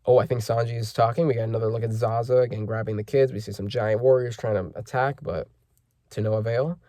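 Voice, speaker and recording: A man's voice: mid-range voice, steady tone, fast talker, mellow, no echo, studio quality. A man hosting a casual manga chapter reaction, rambling with lots of fillers and self-corrections as he reads panels aloud.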